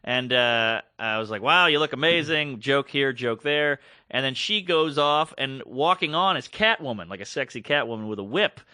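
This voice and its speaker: On a podcast, a male co-host delivers a lengthy, animated story in a relaxed way, performing the voices of the people in it. He speaks at normal speed in a mid-range voice, recorded cleanly in a studio with no room sound.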